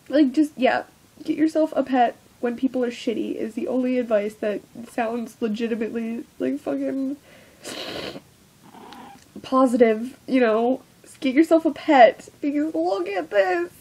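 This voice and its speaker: A woman's voice: high voice, a little mellow. A young woman giving a rambling, heavily profane, self-deprecating confessional vlog monologue as a YouTuber.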